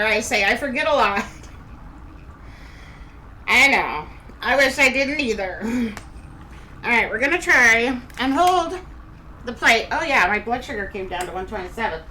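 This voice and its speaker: Bright and forceful, a little high in pitch, this is a middle-aged Kansas woman chatting away on a live stream from home. She rambles, talks with food in her mouth, and the echoey room leaves some faint noise in the background.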